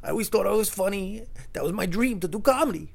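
A man's voice: high-pitched, animated, a little fast, voice pushed up. A man voicing a drunk, self-pitying big man in his thirties, who pleads and nearly cries. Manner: pleading, weepy, slurring.

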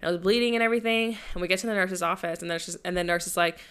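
A young woman hosts her podcast in a loose, rambling way, piling on fillers and swearing freely. Her voice sits a little low and sounds smooth and clear, and she comes across as chatty and unfiltered. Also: flat delivery, very fast, few pauses, fairly bright tone. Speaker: podcast host. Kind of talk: casual chat.

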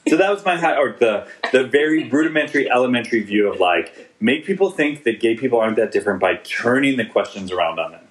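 A man's voice: medium pitch, lively intonation, quick pace, hardly any pauses, poor audio. A man in his forties co-hosting a podcast, chatting casually and joking as he rambles through a TV episode with lots of restarts. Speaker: podcast co-host. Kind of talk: casual chat reviewing a TV episode.

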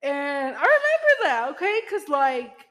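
With big pitch swings at a measured pace, a young woman's high, pushed, bright voice carries a long reverb tail. She's a podcast host in her young adult years, telling casual stories chattily with frequent laughs and many fillers.

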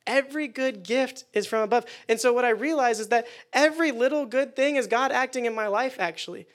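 A man preaching a casual youth sermon indoors to listeners, energetic and conversational with jokes. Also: very high voice, fairly quick, few pauses. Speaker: youth pastor. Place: indoor meeting room with listeners.

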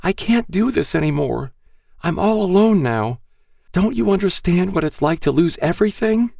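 A man's voice: sits high, huge pitch swings, slow, a little mellow, no echo, clean studio sound, pitched above the performer's own voice, heavily acted. A man voicing a grief-stricken young woman with a shaky, pleading voice in a storybook reading. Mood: distraught.

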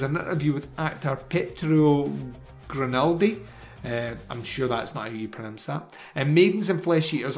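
Chatty podcast host reading plugs. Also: male voice, mid-range voice. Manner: chatty, reads plugs and specs in a quick run. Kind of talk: podcast outro and announcements.

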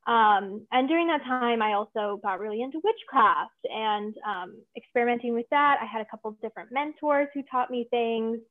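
A woman's voice: fairly high pitch, moderate pace, hardly any pauses. A young woman, a tarot reader and witch, talking earnestly as a guest in a casual interview, with many fillers. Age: young adult. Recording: tinny phone-like remote line.

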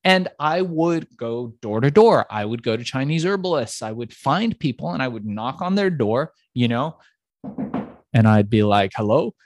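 A man's voice: medium pitch, normal speed, no echo, studio quality. A middle-aged man from Iran telling his story as a podcast guest, acting out the people he met along the way. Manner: animated storyteller who acts out the people in his stories. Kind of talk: storytelling in a conversational interview.

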